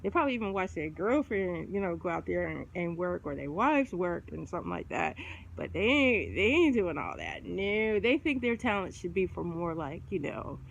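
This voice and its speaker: Chatty woman with lively pitch. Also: normal speed, gravelly, highs cut off. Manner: chatty, laughs often, slangy and rambling. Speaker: vlogger. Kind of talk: casual chat. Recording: noisy background ambience.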